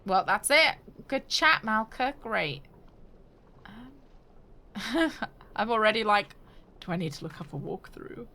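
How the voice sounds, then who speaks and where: A woman's voice: medium pitch, animated, slow, long pauses, pushed and bright, a little hiss or hum. A woman streamer giving casual let's-play commentary, wry and joking, laughing often.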